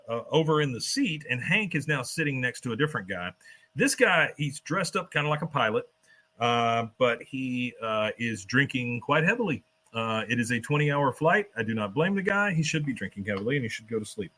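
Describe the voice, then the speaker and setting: A man hosting a podcast, casually retelling a cartoon episode scene by scene, swearing and dropping into quick character voices. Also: mid-range voice, animated, bright, forceful tone. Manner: swears casually and laughs while telling. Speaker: podcast host recapping an episode. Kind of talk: casual chat.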